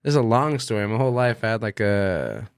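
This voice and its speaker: A young man, a podcast guest, telling a long personal story in casual chat, animated and swearing freely as he acts out what he said. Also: fairly low pitch, a little fast, clean tone, dry recording, studio quality.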